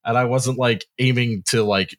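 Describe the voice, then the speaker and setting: A man in his thirties, mid-pitched, swapping stories on a casual podcast. He acts out each quote as he goes and swears with ease. His tone stays loose and conversational. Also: normal speed. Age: 30s. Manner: animated storyteller, acts out quotes, swears freely. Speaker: podcast co-host. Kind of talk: casual storytelling chat.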